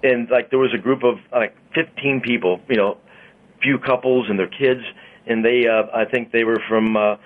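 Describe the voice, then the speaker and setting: A man hosting a radio segment, chatting in a rambling way with many pauses and fillers. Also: medium pitch, steady tone. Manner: rambling, lots of uhs, chatty. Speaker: radio host and car dealer. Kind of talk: casual radio banter. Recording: dull lo-fi radio sound.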